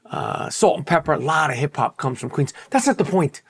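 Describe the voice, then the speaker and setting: Podcast host, New York man, high voice, brash profane rant. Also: animated, brisk, gravelly, husky. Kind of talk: ranting podcast monologue.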